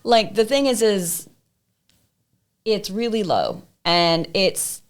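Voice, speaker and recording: A woman's voice: medium pitch, very animated, slow. A woman guest on a podcast, talking casually and emphatically, often swearing as she tells her story. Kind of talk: casual chat.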